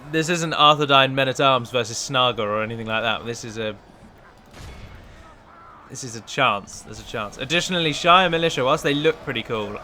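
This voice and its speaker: A man's voice: medium pitch, bright, forceful tone, a little hiss or hum. A man hosting a let's play, chatting through a strategy battle and breaking down unit stats in a casual, analytical way. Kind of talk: casual gameplay commentary.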